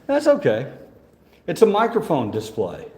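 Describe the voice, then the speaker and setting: Chatty guy vlogging on his phone, mellow voice, echoey rooms. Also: on the high side, wildly swooping pitch, unhurried. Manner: chatty, joking, rambling, laughs often. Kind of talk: casual vlog walkthrough. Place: indoor museum halls. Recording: echoey museum rooms, faint ambience.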